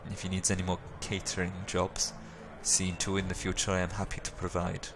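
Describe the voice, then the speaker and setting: A man's voice: low-pitched, completely flat delivery, brisk, noisy background. A man putting on an oily Turkish-accented cafe fixer. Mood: hushed. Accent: exaggerated put-on Turkish. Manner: oily salesman patter, drops to conspiratorial murmurs. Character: sly, fawning male Turkish cafe owner and fixer. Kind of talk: reading a video game's dialogue aloud.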